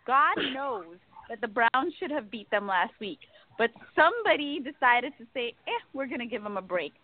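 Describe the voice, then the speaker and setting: A woman's voice: a little high, sing-song, moderate pace, no echo. A woman co-hosting a casual sports talk show, giving playful, confident fantasy football tips. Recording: tinny phone-like audio with music.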